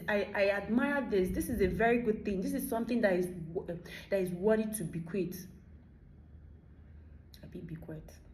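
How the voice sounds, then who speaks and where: A woman's voice: mid-range voice, a little mellow. A Nigerian woman in her thirties giving an emphatic motivational monologue, firing off rhetorical questions. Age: 30s. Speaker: vlogger. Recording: echoey room.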